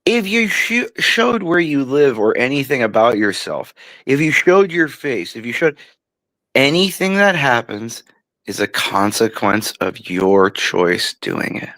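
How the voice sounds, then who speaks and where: A man's voice: medium pitch, big pitch swings, sharp tone, dry recording. Tipsy man rambling bluntly. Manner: blunt, rambling, with drawn-out repetitions. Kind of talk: casual podcast chat.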